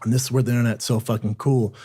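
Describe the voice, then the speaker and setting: A man's voice: mid-range voice, flat delivery, rapid-fire, mellow, husky. A man on a podcast, telling a personal story in an emotional, profane way. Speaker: podcast guest. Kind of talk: casual chat.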